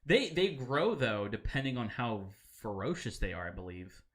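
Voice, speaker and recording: A man's voice: medium pitch, very animated, moderate pace, a bit bright. A man co-hosting a podcast in casual, rambling chat, laughing often between thoughts. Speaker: podcast co-host.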